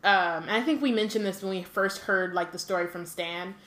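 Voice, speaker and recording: A woman's voice: mid-range voice, moderate pace, a bit bright. A woman co-hosting a podcast, chatting casually in a rambling way with many fillers. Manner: rambling, full of "like" and "um". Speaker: podcast co-host. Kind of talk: casual chat. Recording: roomy echo.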